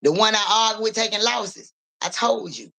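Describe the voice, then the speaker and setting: In a live stream, a young psychic reader relates a story to her audience face-on, using energetic, profane, relaxed talk. Her voice is medium-pitched and creaky, at a moderate pace.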